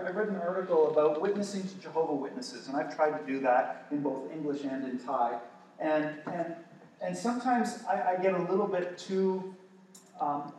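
A man's voice: high-pitched, a little mellow. A man with a slightly raised voice teaches scripture with eager energy, tripping over his own restarts. He sounds set back from the mic in a strongly echoing room. A faint hiss sits under him. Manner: enthusiastic, stumbling restarts. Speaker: preacher. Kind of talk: informal Bible teaching. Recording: echoey distant room recording.

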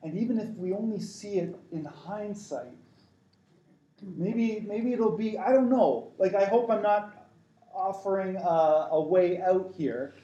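A middle-aged man with a high, dark-toned voice preaches at a measured pace, rambling through a dream story with many restarts as he exhorts his audience. The audio is dull and the room echoey.

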